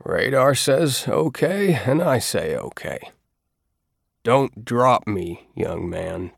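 A man's voice: mid-range voice, lively intonation, slow pace, creaky, husky, no room sound, clean studio sound, heavily acted. A man voicing a grouchy older man in an audiobook, curt and wry. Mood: gruff, wry. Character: grouchy old man, gruff and dry.

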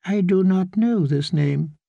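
A mysterious old priest who speaks softly and slowly, weighing every question, as a man voices him in an audiobook. The delivery is unhurried, and the close recording has almost no room sound. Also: sits high, vocal fry, no echo, highs cut off, voice pushed up, heavily acted. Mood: solemn. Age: older. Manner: slow, quiet, measured questioning. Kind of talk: audiobook character voice.

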